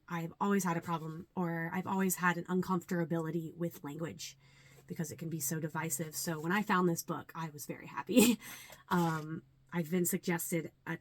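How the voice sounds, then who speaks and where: A young adult woman, a yoga teacher, talking earnestly and reflectively to camera, with many ums and pauses. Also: lowish voice. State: a little nervous. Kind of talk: casual talk to camera.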